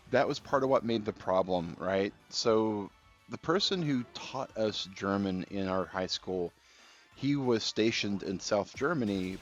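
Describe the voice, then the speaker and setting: Man, very low voice, laid-back rambling stream chat, slightly dull audio, faint game music behind. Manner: relaxed, rambling, answers chat, many fillers and restarts. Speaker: gaming livestreamer. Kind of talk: casual live-stream chat while playing.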